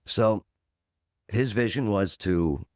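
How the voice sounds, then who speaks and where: At a slow pace, a man in his forties, a guest on a podcast, tells a punchy story and imitates other people's voices, repeatedly saying "boom." The audio is studio quality with no room sound.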